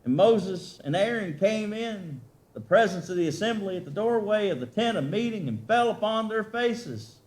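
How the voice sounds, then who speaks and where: A male preacher gives a sermon, posing questions to the congregation and shifting from loud emphasis to very soft, quiet lines. His voice is high-pitched with lively intonation at a moderate pace.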